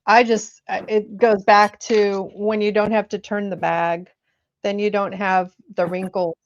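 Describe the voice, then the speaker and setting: A woman chats in an agreeable, conversational way with her co-host. Her mid-pitched voice comes through slightly dull audio with a faint hiss behind it. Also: flat delivery, a little slow. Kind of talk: casual chat.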